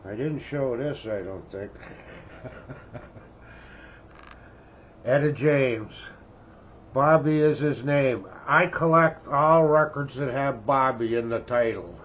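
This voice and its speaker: Old canadian guy rambling slow about his stuff, says eh a lot, muffled lo-fi audio. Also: mid-range voice, a bit bright. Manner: rambling, folksy, tags remarks with "eh?". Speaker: record collector. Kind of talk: casual show-and-tell chat. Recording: dull lo-fi sound with faint background noise.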